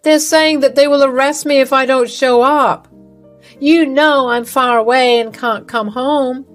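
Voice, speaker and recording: A woman's voice: high-pitched, steady tone, a little slow, faint music behind, voice pushed up. A woman voicing a scheming older mother-in-law, speaking in an indignant, denying way. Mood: panicked.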